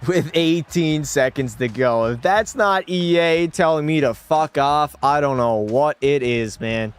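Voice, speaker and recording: A young man streaming a hockey video game, chatting with his viewers and breaking into profane, shouted rants. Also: a little high, unhurried, clear, resonant tone, faint music behind. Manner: profane, talks to chat, erupts into shouting rants. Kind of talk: casual gaming livestream commentary.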